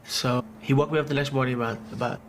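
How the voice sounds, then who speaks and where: A man giving a personal testimony about surviving a suicide attempt, telling it in a halting, emotional way with many restarts. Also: medium pitch, fairly even intonation, slight background noise. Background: background music.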